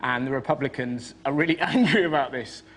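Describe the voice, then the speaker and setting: A man telling an incredulous, animated bit as a comedy panelist. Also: mid-range voice, fairly quick. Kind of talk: panel show routine.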